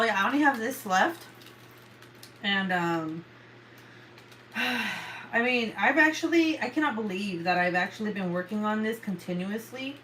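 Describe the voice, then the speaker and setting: A woman in her thirties talks in a loose, unscripted way at her table, swearing freely and sighing between thoughts. Her pitch sits in the middle for a woman. A faint hum of room noise runs under her voice. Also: fairly bright tone, poor audio. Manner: frank, sweary, sighs and laughs often. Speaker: vlogger. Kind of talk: casual chat while crafting. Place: home, at a table.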